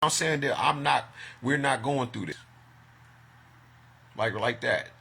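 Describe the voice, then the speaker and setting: A raspy, gravelly man rants straight into his phone, agitated and swearing as he throws accusations around. His voice is hoarse yet bright and edgy. It is a vlog monologue. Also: medium pitch. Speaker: vlogger. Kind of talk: ranting monologue to camera.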